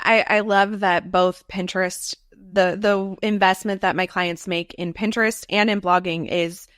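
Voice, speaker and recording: A woman's voice: medium pitch, a bit bright, no room sound, clean studio sound. A woman talking as a podcast guest about marketing, enthusiastic in casual chat and often repeating her words. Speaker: guest, social media marketer.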